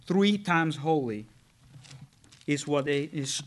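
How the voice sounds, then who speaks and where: A male pastor delivers a sermon in a fairly high voice. He talks at an unhurried pace and reads scripture with drawn-out weight. When he stresses a point, his voice climbs and gets louder. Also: animated. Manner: slow, earnest preaching with drawn-out scripture reading; rises in pitch and volume when stressing a point.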